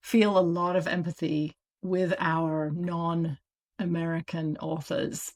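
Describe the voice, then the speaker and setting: Woman, British accent, fairly low voice, animated, chatty interview guest. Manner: animated, chatty, quick asides with laughs. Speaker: audiobook publisher, guest. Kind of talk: casual interview talk.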